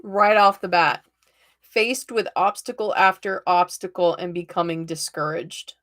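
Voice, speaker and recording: A woman's voice: on the low side, steady tone, measured pace, fairly bright tone. A woman reading tarot cards on a live stream, chatty and reassuring, often checking in with "okay?" and laughing easily.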